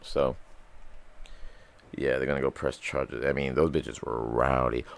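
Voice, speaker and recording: A man's voice: rumbling low, little pitch movement, a little slow, gravelly. A man hosting his own podcast, telling a rambling, profane story alone in a small room into a microphone. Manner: rambling, profane, full of likes and quoted reactions. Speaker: podcast host. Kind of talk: casual storytelling rant. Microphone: studio microphone.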